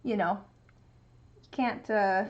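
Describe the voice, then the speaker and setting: A woman's voice: medium pitch, takes it slowly, darkish tone. A young woman streaming casually, chatting to viewers and cooing at her cat in a baby voice. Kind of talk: casual livestream chat. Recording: muffled lo-fi stream audio.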